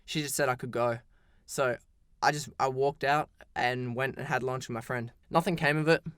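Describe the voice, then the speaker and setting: A man's voice: medium pitch, fairly even intonation, moderate pace, a bit bright, smooth, no room sound, clean studio sound. A teenage boy telling a story in a casual, rambling storytime style, full of "like" and restarts. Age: teens. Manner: rambling, heavy use of "like", frequent restarts.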